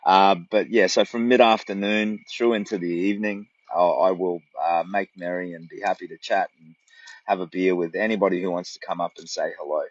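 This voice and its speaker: A man's voice: deep voice, steady tone, brisk, no echo, muffled recording. A middle-aged man with an Australian accent, chatting earnestly and rambling on a livestream from a tent in the bush. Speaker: walking vlogger. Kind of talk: casual livestream chat. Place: tent in dense bush outdoors. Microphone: phone livestream.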